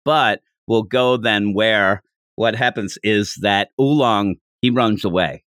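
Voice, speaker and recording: A man co-hosting a casual podcast, rambling and animated, breaking into high quoted voices now and then. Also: slow, no room sound, studio quality. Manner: rambling, with restarts. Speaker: podcast co-host.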